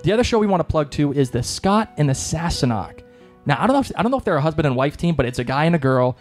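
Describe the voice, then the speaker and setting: Man, Boston accent, podcast co-host, playful casual chat, fairly high voice. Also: sing-song, quick pace, faint music behind. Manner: joking, chatty, playful.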